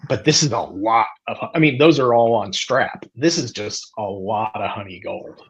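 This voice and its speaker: Husky guy chatting on a live stream, lots of ums and restarts. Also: on the low side, moderate pace. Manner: rambling, full of restarts and fillers. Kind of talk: casual live-stream chat.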